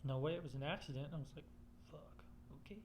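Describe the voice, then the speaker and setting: A man's voice: fairly high pitch, steady tone, very fast, darkish tone, a little hiss or hum. A man telling a rambling personal story in casual chat, swearing constantly.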